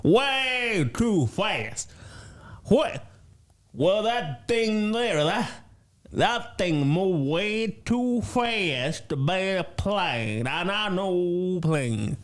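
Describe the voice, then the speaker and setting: A blunt male pilot recounts what he saw, taking his time and stressing each point, as a man improvises him. His voice is fairly high but moves a lot. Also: lively intonation, very slow, full character voice. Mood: insistent.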